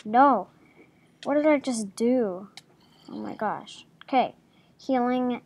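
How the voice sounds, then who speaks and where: Woman gaming commentator, unhurried, slightly high voice, self-talk with soft asides. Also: animated, breathy edge. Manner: jumpy, talks to herself, soft murmured asides. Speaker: gaming video creator. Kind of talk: casual game commentary.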